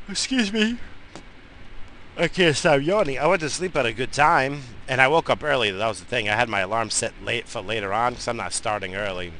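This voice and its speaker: Brief: New guy, dad, heated swear-heavy car rant, forceful bright tone, faint road hum. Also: mid-range voice, poor audio. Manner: profane, blunt, heated. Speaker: father vlogging while driving. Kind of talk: rambling casual rant. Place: in a moving car.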